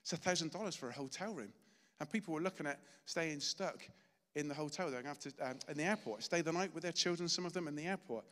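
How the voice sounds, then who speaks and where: A man's voice: on the high side, fast, fairly bright tone, big-room sound. A middle-aged man giving a sermon, telling a personal story in an earnest, chatty way. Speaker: preacher.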